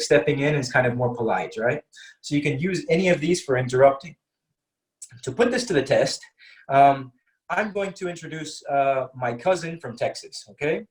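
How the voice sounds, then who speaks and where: A man's voice: medium pitch, normal speed, low-quality recording. A man teaching an English class over a video call, explaining patiently and checking in with "okay?" after nearly every point.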